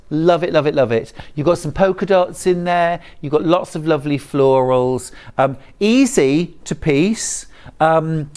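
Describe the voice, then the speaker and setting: A shopping channel presenter, gushing with enthusiasm over products in a chatty live TV sales pitch from a studio. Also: darkish tone.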